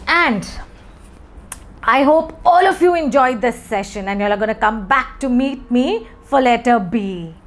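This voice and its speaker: A young woman teaching young children phonics, coaxing them along and answering her own questions in a sing-song way. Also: high-pitched.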